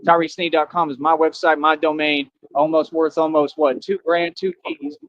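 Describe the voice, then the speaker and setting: A man's voice: fairly high pitch, little pitch movement, moderate pace, dry recording, lo-fi sound. A man on a livestream, boasting and trash-talking his viewers in a brash, confrontational, slangy way.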